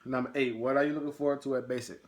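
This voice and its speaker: A man's voice: mid-range voice, steady tone, racing. A young man talking casually to his camera and answering tag questions, loose and profane, with lots of fillers. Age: young adult. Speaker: recruit in the delayed entry program. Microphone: camera mic.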